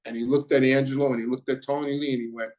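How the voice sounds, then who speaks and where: A man's voice: mid-range voice, little pitch movement, racing, darkish tone, poor audio. A middle-aged man hosting his own channel, recounting his past in a casual, rambling monologue full of repeats and "you know"s.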